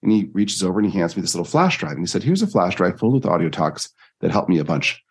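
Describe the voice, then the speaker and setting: Husky, animated man telling his story. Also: quick pace. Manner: earnest, animated storytelling with jumps in pitch. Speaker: life coach and podcaster. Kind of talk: conversational interview storytelling.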